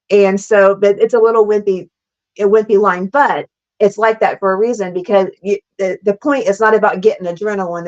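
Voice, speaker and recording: A middle-aged woman guest telling stunt stories in a lively, laughing, casual way, full of "like" and "super freaking cool.". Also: medium pitch. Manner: animated, laughing, fast bursts, says "like" and "super freaking cool" a lot. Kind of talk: casual storytelling interview. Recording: slightly dull lo-fi sound.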